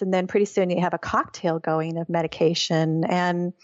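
A woman's voice: on the low side, normal speed, no echo. A middle-aged woman speaks as an interview guest, earnest and reflective as she recounts her experience. Her voice comes through a slightly dull, lo-fi line with a dry, close sound. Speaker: guest, author. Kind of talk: interview conversation.

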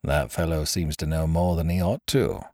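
A man's voice: deep voice, wildly swooping pitch, a little slow, darkish tone, no echo, studio quality, heavily acted. A man voicing a sulky, peevish middle-aged doctor who grumbles his lines. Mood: gruff. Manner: gruff, grumbling.

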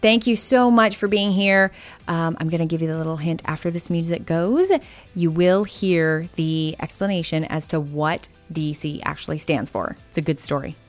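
A woman's voice: low voice, fairly even intonation, moderate pace, soft background music. A woman hosting a business podcast, enthusiastic and given to fillers as she sums up the interview. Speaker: podcast host.

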